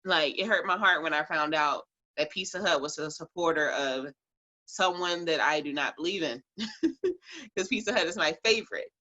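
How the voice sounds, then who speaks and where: A woman's voice: deep voice, expressive, moderate pace, pushed and bright, muffled recording. A woman who runs a Reiki and herbal business, answering interview questions in a blunt, chatty way and laughing often.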